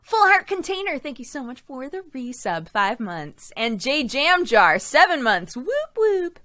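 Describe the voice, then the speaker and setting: A woman's voice: high-pitched, big pitch swings, unhurried, fairly bright tone. A woman hosting a casual live-stream chat show, talking freely, laughing often and thanking viewers from chat. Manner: chatty, laughs often, reads out chat names.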